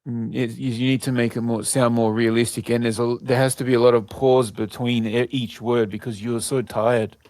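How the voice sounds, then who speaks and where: A man's voice: mid-range voice, little pitch movement, moderate pace, few pauses, a little mellow, dry recording. A man testing an AI assistant, giving insistent, casual instructions and often restarting his sentences.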